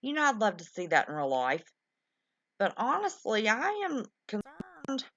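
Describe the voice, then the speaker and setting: This livestream host's voice is a little high and a bit bright, swinging hugely in pitch at an unhurried pace. She chats casually with callers and viewers in a warm, folksy manner, carried by dull, low-fidelity stream audio.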